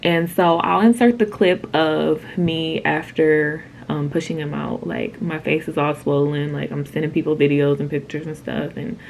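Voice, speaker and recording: Low-voiced woman chatting candidly. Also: fairly even intonation, normal speed, vocal fry, few pauses, darkish tone, slight background noise. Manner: chatty, candid, says "like" a lot. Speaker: vlogger telling her birth story. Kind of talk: casual storytelling.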